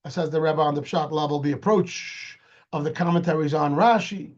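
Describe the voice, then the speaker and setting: A rabbi, a man with a high-pitched voice, teaches a Torah lesson in a lively, explanatory way. He keeps asking rhetorical questions and starts sentences over. The recording sounds muffled and lo-fi. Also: normal speed. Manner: animated, asks rhetorical questions, repeats words when restarting. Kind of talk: explanatory lecture.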